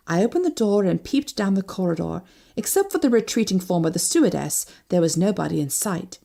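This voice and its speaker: A woman's voice: a little fast, gravelly. A woman narrating a first-person novel as an audiobook, reading expressively. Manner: expressive, shifting pitch with each character.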